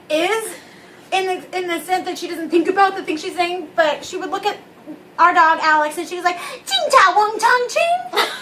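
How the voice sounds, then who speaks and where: A woman's voice: very high voice, a little hiss or hum. A young woman hosting a vlog, chatting casually and telling stories with lots of giggling. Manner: giggly, animated storytelling. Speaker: vlog host. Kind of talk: casual chat.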